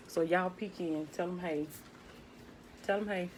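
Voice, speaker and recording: A woman hosting a live stream from home, talking in a laid-back, hushed way and greeting viewers by name. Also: lowish voice, fairly even intonation, unhurried, slight background noise. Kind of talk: casual spiritual live-stream talk. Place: at home, indoors.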